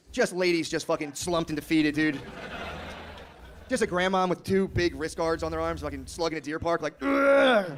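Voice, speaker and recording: A man's voice: on the high side, background noise. A young man doing a casual, rambling stand-up comedy routine, riffing with lots of filler.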